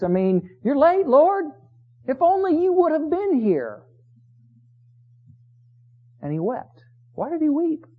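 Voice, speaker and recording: High, lively-voiced male preacher. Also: husky. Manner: preaching, swinging from hushed to loud emphasis. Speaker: pastor. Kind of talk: sermon. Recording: tinny phone-like recording.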